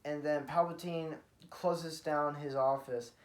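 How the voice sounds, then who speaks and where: A man's voice: on the high side, steady tone, slow pace. A man casually retelling a fan story, rambling with many fillers and correcting himself as he goes. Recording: roomy echo.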